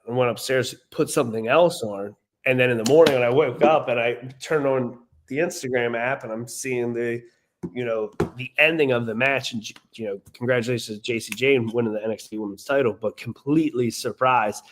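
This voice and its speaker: With a steady, brisk, mid-range voice, this wrestling podcast co-host tells stories casually. He rambles a lot and leans heavily on filler words.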